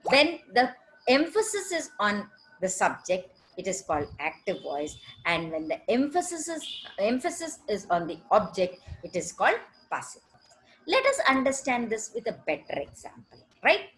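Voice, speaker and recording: A woman's voice: medium pitch, huge pitch swings, moderate pace, a bit bright, rough recording. A woman teaching a recorded grammar lesson, often asking a question and then answering it herself, with many "right?" checks.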